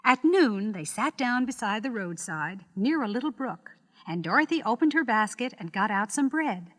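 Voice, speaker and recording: A woman narrating a children's storybook record in a measured, expressive, scripted style. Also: fairly high pitch, big-room sound.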